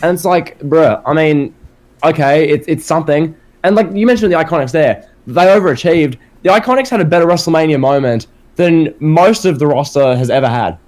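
A man's voice: fairly high pitch, a little fast, darkish tone. An Australian man hosting a casual wrestling podcast, firing off rhetorical questions with a sarcastic edge. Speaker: podcast host.

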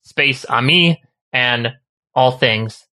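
A man's voice: medium pitch, drawn-out words, sharp tone. Jokey rambling male podcast host. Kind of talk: casual chat.

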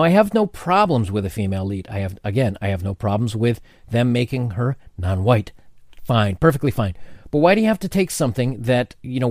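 A man hosting a casual opinion commentary video to camera, animated and sarcastic, with frequent restarts. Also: medium pitch, dry recording, studio quality. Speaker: commentary channel host. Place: home setting with changing sunlight.

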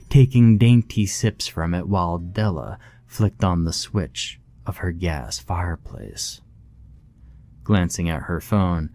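Deep, slow horror story narrator man. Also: gravelly, dark tone. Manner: slow and measured, dramatic.

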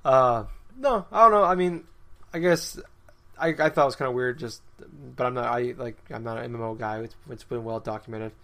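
A man hosting a laid-back gaming podcast, his pitch sitting right in the middle. He rambles and restarts, dropping fillers as he thinks aloud. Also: fairly quick, bright, forceful tone. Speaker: podcast host. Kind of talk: casual gaming chat.

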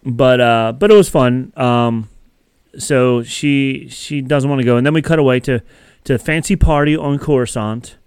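Man, smooth clear voice, dry close sound, casual rambling recap, lots of fillers. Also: mid-range voice, steady tone, measured pace, darkish tone, no echo. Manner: rambling, filler-heavy storytelling. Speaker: podcast co-host.

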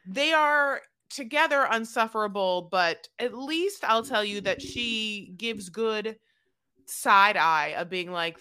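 A woman's voice: mid-range voice, expressive, normal speed, bright, forceful tone. A woman co-hosting a podcast, chatting casually and sarcastically, rambling with lots of fillers. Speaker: podcast co-host. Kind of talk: casual chat recapping a reality show.

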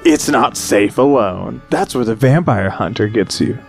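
Guy in a tabletop rpg, earnest and rambly, normal pitch, bit of music behind. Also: expressive, unhurried, creaky. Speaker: player voicing a character. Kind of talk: tabletop role-play.

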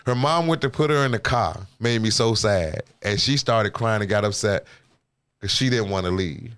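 A man's voice: fairly low pitch, animated, normal speed, fairly bright tone, clear, resonant tone. A man in his thirties, a podcast host, chatting casually and with a lot of swearing as he tells a rambling personal story. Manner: rambling storyteller, often asks "you know what I'm saying". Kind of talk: casual profane chat.

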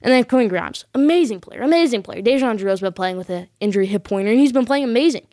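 A woman's voice: on the high side, expressive, fast, dark tone, dry recording, studio quality. Emphatic woman giving sports picks. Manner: emphatic, insistent, repeats short affirmations. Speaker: sports vlog host. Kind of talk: casual sports predictions.

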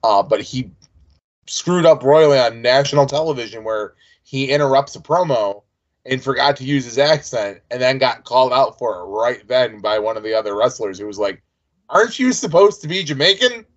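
A man's voice: medium pitch, moderate pace. A man co-hosting a podcast, chatting casually and telling long side stories. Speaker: podcast co-host. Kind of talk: casual chat. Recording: dull lo-fi sound.

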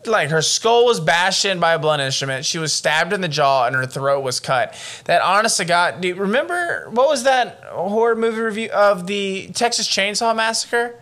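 Excitable, profane man telling a true-crime story. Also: high voice, normal speed. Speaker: podcast co-host. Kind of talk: casual true-crime chat.

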